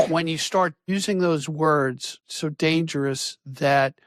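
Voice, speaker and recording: A man's voice: a little high, takes it slowly, fairly bright tone, no room sound. A man hosting a conversational interview who speaks with passion and emphasis and gets worked up as he talks.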